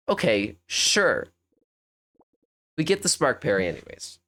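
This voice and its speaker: A man's voice: mid-range voice, sing-song, measured pace, long pauses, pushed and bright. A young man commentating a fighting game on a live stream, thinking aloud in a rambling, self-correcting way.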